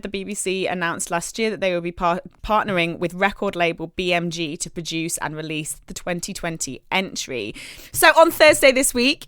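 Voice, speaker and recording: A woman co-hosting a podcast in a relaxed, gushing chat, laughing often. Her voice is smooth and clear. The recording is close and dry, with no room sound. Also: mid-range voice, dry recording. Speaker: podcast co-host.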